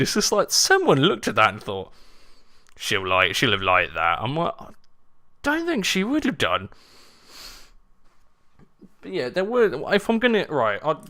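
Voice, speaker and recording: A man's voice: mid-range voice, pushed and bright. A man ranting casually at home over gaming commentary, sardonic, sweary and rambling, holding his mic in his living room. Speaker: gaming channel host. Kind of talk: casual battle commentary and rant. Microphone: handheld desk mic.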